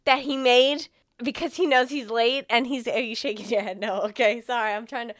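Young female co-host, high voice, crude sarcastic comic, dry close mic. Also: steady tone, brisk, no room sound. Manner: crude, sarcastic, swears freely and mocks the plot. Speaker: podcast co-host. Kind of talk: casual comedic chat.

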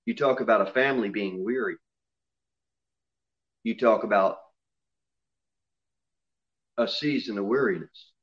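A man preaching an expository sermon in a church, dropping low and quiet on solemn lines and rising loud on emphasis. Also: unhurried, pauses often, lo-fi sound. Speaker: pastor. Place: church sanctuary.

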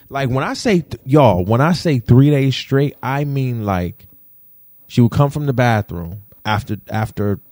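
A man's voice: mid-range voice, darkish tone, no echo. Young new guy venting a story to his viewers, keeps restarting, dry room. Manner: repetitive, restarting, addresses viewers as y'all. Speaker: vlogger.

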